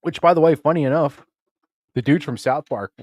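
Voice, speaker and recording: A man's voice: a little high, brisk, a little mellow, no room sound, studio quality. A man hosting a podcast in casual chat, talking loosely and with plenty of swearing, and slipping into offhand impressions. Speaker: podcast host.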